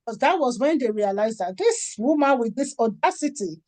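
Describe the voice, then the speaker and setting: A middle-aged woman from Nigeria, a charity founder and author, talking in an interview and acting out the dialogue in her stories with lively energy. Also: fairly high pitch, normal speed, no echo. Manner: animated storytelling, acts out quoted dialogue. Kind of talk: conversational interview.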